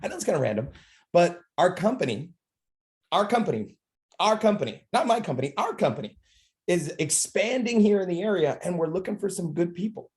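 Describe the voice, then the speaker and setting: An animated man in his thirties leads a live training session, his voice sitting a little high. He tells stories by acting out every line of dialogue and hammers home key phrases by repeating them. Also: fairly quick. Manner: energetic storytelling, acts out dialogue, repeats phrases for emphasis. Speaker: network marketing trainer. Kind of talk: live motivational training talk.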